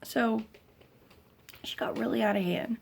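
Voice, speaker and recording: A woman's voice: fairly high pitch, steady tone, a little slow, vocal fry, a little mellow, slight background noise. A young woman venting about a hard weekend as a mother, rambling and frustrated, with lots of fillers and a weary, stressed edge. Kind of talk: casual venting vlog.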